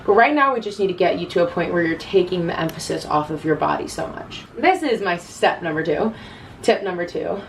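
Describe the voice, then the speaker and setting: A woman's voice: fairly low pitch, lively intonation, fairly quick, gravelly, slight background noise. Earnest chatty young woman, distant mic. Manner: earnest, chatty, quotes her own inner voice. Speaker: self-love vlogger. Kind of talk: casual advice to camera.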